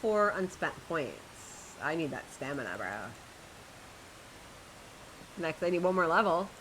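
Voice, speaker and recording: A woman's voice: fairly low pitch, sing-song, moderate pace, fairly bright tone, slight background noise, rough recording. A woman streamer chatting casually to her viewers while she plays a game, chatty and self-mocking, often laughing at herself.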